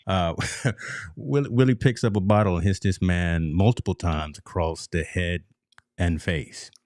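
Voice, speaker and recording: Man, deep voice, dry sound, sports talk host, casual, repeats words. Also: measured pace, darkish tone, no echo. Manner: laid-back, repeats words when starting. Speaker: podcast host.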